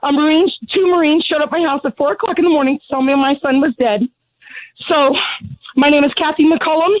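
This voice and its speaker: A woman's voice: sits high, steady tone, brisk, dry recording. A middle-aged woman calling in as a grieving mother, talking in an angry, blunt, ranting way. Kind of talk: phone interview. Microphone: telephone. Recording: tinny phone line, dry.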